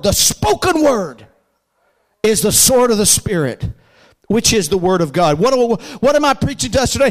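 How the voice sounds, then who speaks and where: A man preaching a fervent sermon, building to shouted emphasis and leading the congregation in call-and-response. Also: very high voice, rough recording. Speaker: pastor.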